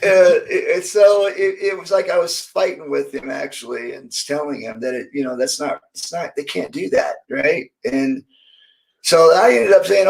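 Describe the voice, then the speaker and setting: Man, gravelly voice, a bit high-pitched, animated storyteller acting out quoted dialogue, casual interview. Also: normal speed, poor audio. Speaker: interview guest, former fighter.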